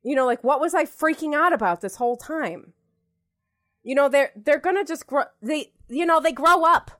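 Earnest, reassuring higher-voiced woman. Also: expressive, normal speed, fairly bright tone. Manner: earnest, reassuring, many fillers. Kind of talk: casual chat.

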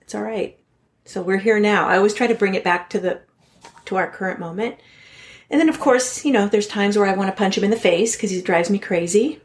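A woman guest from Southern California speaks candidly and earnestly about her family. Her voice sits at an ordinary middle pitch, and her telling is heartfelt rather than polished. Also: a little fast. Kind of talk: personal storytelling in a podcast interview.

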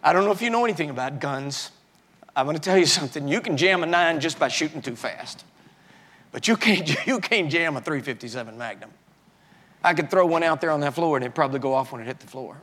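A man, preaching as a pastor and telling his own story, moving from loud fury to quiet, halting confession. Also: a little high, lively intonation. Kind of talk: sermon testimony.

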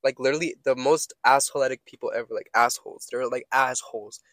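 This young man's medium-pitched voice is steady, quick and fairly bright, recorded with no room sound. He co-hosts a casual podcast, rambling from story to story and swearing a lot.

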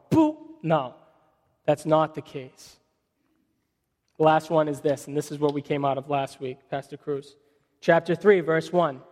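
Conversational male pastor in a reverberant hall. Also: high voice. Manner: conversational preaching with food metaphors, dramatic scripture reading. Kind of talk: sermon.

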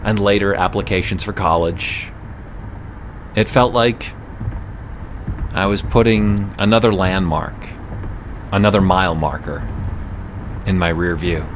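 A young adult man telling a personal story in a reflective, measured first-person way. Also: sits low, slight background noise.

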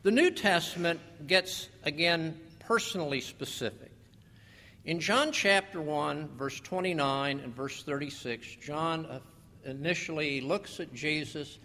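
A man preaching a sermon as pastor, animated, slowing down for scripture and putting questions to the congregation. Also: on the high side, slight background noise. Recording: long reverb of a large hall.

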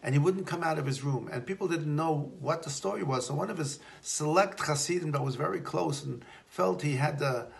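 A man, a rabbi, giving a Torah talk on prayer and telling stories, slowing down to stress key points. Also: fairly high pitch, gravelly. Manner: storytelling, slows for emphasis.

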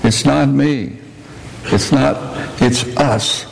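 A preacher and missionary tells stories in a plainspoken, folksy sermon to his congregation in a church sanctuary, with warm asides to the listeners. His mid-range voice is creaky and drawn out, and the recording carries long church reverb and faint noise.

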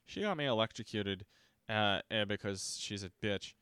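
Man, casual profane movie ranter, smooth voice, dry close sound, mocks characters in put-on voices. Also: lowish voice, lively intonation, normal speed, a bit bright, no room sound. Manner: profane, sarcastic, acts out quotes in mocking voices. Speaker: podcast host reviewing a horror movie. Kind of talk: casual ranting movie commentary. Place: home.

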